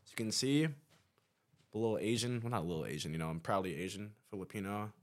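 A man's voice: lowish voice, fairly quick. A young man as a podcast guest, chatting casually with enthusiastic, hyped-up energy. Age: young adult. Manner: hype, enthusiastic, laughing. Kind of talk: casual chat.

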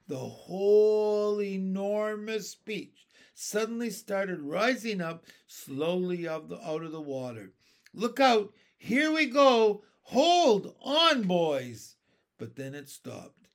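A man reading a children's book aloud in an expressive, unhurried way. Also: fairly high pitch. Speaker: storyteller.

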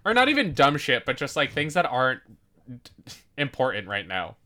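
A woman's voice: extremely low pitch, huge pitch swings, moderate pace, bright, forceful tone. A woman co-hosting a podcast, gushing in a casual chat about a TV episode, swearing and trailing off mid-sentence. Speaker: podcast co-host.

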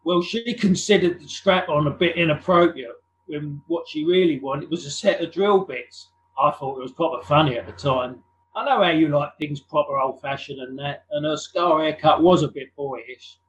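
A man voicing a rough, down-on-his-luck male skinhead, blunt and crude in his banter over a video call. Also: on the high side, normal speed, a little hiss or hum, close to an everyday voice, rough recording. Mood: rueful. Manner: crude, cheeky, blokey banter.

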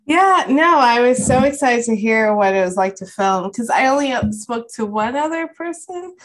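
A woman hosting a podcast, asking gentle, curious questions in a casual interview. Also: a little high, animated, moderate pace. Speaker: podcast host.

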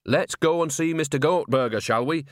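A man reading an audiobook voices a chatty, cunning old witch woman in a high, bright voice. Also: normal speed, dry recording, clean studio sound, close to an everyday voice.

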